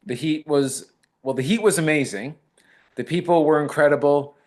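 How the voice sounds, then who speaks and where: A man's voice: a little high, moderate pace. A man, an actor, talking modestly in a casual interview and retelling fan encounters with quoted dialogue. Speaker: actor guest.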